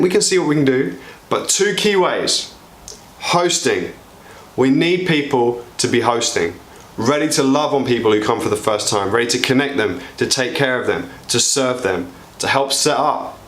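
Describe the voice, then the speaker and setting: A man preaching an energetic, joking sermon to his church, his pitch swinging widely as he appeals for volunteers. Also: moderate pace, roomy sound. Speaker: pastor.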